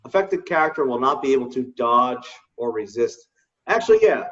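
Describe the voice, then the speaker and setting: A man co-hosting a casual gaming chat, telling stories in an animated way and laughing often. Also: medium pitch, moderate pace, far from the mic, dull audio. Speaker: co-host.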